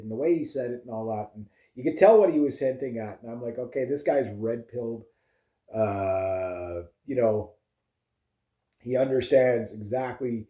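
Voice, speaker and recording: A man's voice: mid-range voice, dark tone. A man vlogging in a loose casual chat, rambling with lots of fillers and restarts. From Canada. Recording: echoey room.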